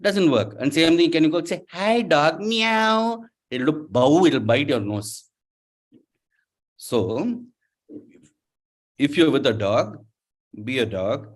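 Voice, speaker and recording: A man's voice: mid-range voice, expressive, slow, pauses often, husky. A man giving a playful, interactive storytelling lecture to a university class, often asking the audience questions. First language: not Telugu. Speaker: guest lecturer.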